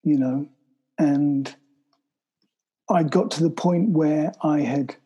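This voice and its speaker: A middle-aged man, telling a story as an interview guest, often halting and restarting his sentences. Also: on the high side, warm tone, slightly rough, low-quality recording. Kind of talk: storytelling in conversation.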